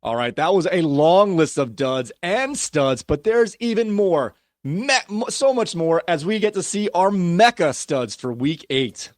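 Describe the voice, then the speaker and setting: A man's voice: on the high side, animated, unhurried, few pauses, no echo, clean studio sound. A man hosting a casual fantasy football podcast, ranting and laughing at himself as he runs through player stats. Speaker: podcast host.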